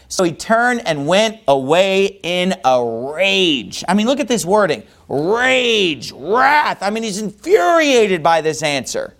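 A male pastor with a high-pitched voice works through a Bible passage verse by verse. He keeps his delivery casual and chatty, with frequent "you know"s between points. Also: very animated, slow pace, few pauses, a bit bright. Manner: conversational, with many filler "you know"s. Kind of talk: expository sermon on a Bible passage.

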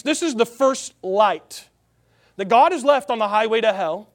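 A man from the Salt Lake Valley preaching a sermon, stressing his points by slowing down and repeating phrases. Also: very high-pitched, animated. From Salt Lake Valley, Utah. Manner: emphatic preaching with slow, drawn-out repeated phrases.

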